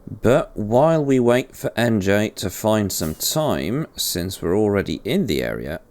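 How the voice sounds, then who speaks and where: Rambling low-voiced man narrating gameplay. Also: big pitch swings, a little slow, a little mellow. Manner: rambling, self-deprecating and jokey. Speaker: let's play host. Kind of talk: casual gameplay commentary.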